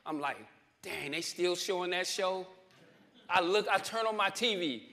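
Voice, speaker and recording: A man's voice: high-pitched, animated, moderate pace, a bit bright. A man preaching his testimony in church, with emphatic repeats and call-and-response swells toward the congregation. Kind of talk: testimony sermon.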